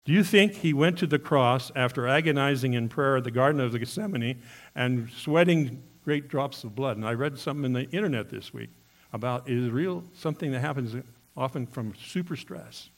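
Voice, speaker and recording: A male pastor delivering a sermon in an earnest, questioning manner. His voice sits at an ordinary middle pitch, and he turns often to his listeners with direct questions. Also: normal speed. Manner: earnest, asks the congregation questions.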